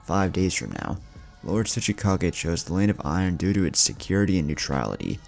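A man's voice: sits low, sing-song, brisk, creaky, darkish tone, soft background music, heavily acted. A man voicing a dutiful young female ninja messenger, polite and formal, in a storybook reading.

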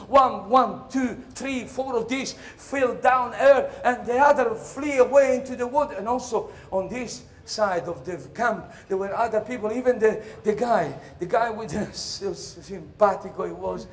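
Male stage performer, comic monologue, high voice, lively acting. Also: normal speed, hardly any pauses, slight background noise. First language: Italian. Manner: animated storytelling, jumps into shouted voices and laughter.

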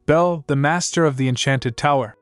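A man's voice: fairly high pitch, moderate pace, no echo, faint music behind, close to an everyday voice. A man voicing a proud, clever young princess who speaks in a cool, formal, commanding way. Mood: determined.

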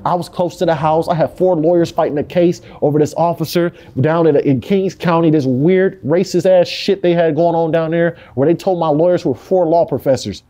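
Dark-voiced man from Compton telling his story. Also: fairly high pitch, brisk, few pauses. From Compton, California. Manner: emphatic street slang with heavy profanity. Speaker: interviewee. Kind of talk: candid storytelling interview.

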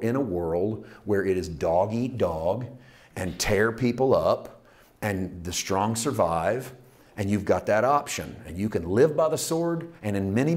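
Guy preaching a sermon, goes quiet then gets real loud reading scripture, folksy jokes. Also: mid-range voice. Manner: dramatic swings from hushed to loud; reads scripture aloud with rising intensity. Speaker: pastor.

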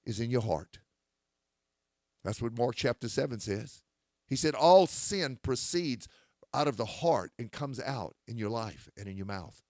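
A man preaching a critical sermon, quoting scripture and building to forceful outbursts. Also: medium pitch, lively intonation, unhurried, dry recording, studio quality.

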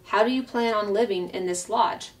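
A woman's voice: medium pitch, moderate pace, far from the mic, natural voice. A woman voicing a stubborn male beaver who talks in a grumbling, folksy way.

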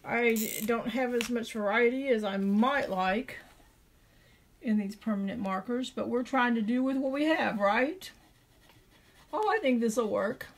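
A woman's voice: a little high, unhurried. A middle-aged woman with a Southern drawl, chatting through a craft tutorial and thinking aloud as she draws. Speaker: craft video host.

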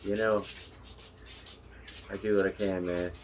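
A man's voice: sits low, level tone, unhurried, a little hiss or hum. A man voicing a smug, carefree male mouse that boasts in a laid-back way.

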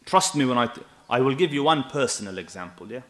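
A man in his thirties preaching a sermon in an animated, emphatic way, often checking with his listeners. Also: mid-range voice, fast. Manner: animated and emphatic, with asides to the audience.

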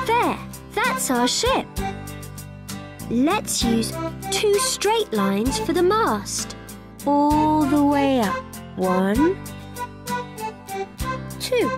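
Performer for a cheerful little drawing monster in a kids' cartoon, high and very lively. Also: heavily acted. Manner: cheerful, slow step-by-step drawing instructions. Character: friendly young drawing monster. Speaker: drawing guide. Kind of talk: children's cartoon voice acting.

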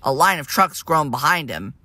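A man narrating a storybook tale in a plain, steady reading voice with small slips. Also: fairly high pitch, normal speed, dry recording.

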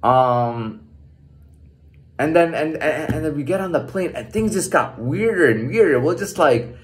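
Lively, profane man in his thirties. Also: a little high, fairly quick. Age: 30s. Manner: loose and profane, full of "like" and "man" fillers. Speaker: storyteller recounting his own past. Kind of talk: casual personal storytelling monologue.

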